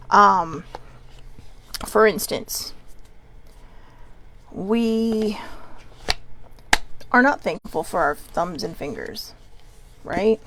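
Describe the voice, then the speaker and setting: A woman of Filipino and Hawaiian heritage hosts a casual chat show, reading gratitude cards and drifting into giggly side notes. Her voice is medium-pitched, with a little hiss or hum on the recording.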